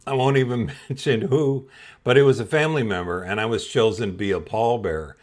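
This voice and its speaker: A man's voice: mid-range voice, brisk, darkish tone. A man hosting a podcast and telling a comedic personal story, chuckling often as he goes. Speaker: podcast host.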